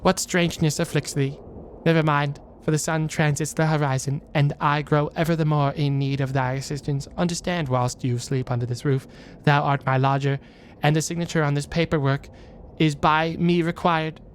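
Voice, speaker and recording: A man voicing a pompous, old-fashioned formal gentleman who speaks in stilted, measured, archaic phrasing. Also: on the high side, steady tone, slight background noise, lightly acted. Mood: stately.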